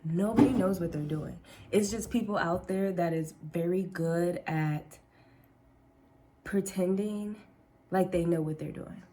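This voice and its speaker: A woman's voice: lowish voice, unhurried, dark tone, slight background noise. A woman chatting casually with her viewers while getting ready at home, laughing often and calling them "girl". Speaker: vlogger. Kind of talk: casual get-ready-with-me chat. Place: home kitchen, then upstairs.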